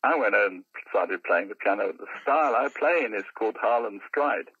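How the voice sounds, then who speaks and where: An older man spins a story as a podcast guest, his husky voice bright and swinging widely in pitch. He talks like an animated raconteur. The sound is a touch dull and lo-fi, close and dry. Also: normal speed, dry recording. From London. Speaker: podcast guest, musician and comedian. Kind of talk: anecdotal storytelling in casual chat.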